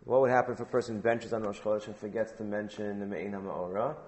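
A man's voice: on the low side, fairly even intonation, fast, darkish tone. A man teaching a Talmud class, prompting his students with questions and repeating phrases for emphasis.

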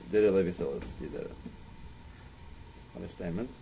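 A man's voice: deep voice, quick pace, vocal fry, mellow, muffled recording, a little hiss or hum. Man teaching Talmud, thinking aloud. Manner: thinks aloud, frequent "I mean" restarts. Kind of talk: Talmud study class.

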